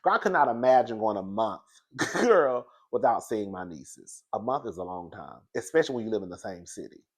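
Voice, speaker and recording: A man gives a casual review of a reality TV episode in an animated, gossipy way. He laughs often and keeps calling the listener girl. His delivery stays loose and conversational. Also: fairly low pitch, a little fast. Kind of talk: casual commentary.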